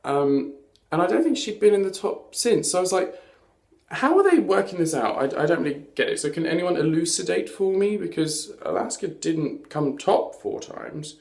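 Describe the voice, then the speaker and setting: A man's voice: on the high side, moderate pace, vocal fry, a little mellow. A man hosting a casual TV recap chat, camp and chatty, full of sassy asides. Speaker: host of a TV recap show. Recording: echoey room.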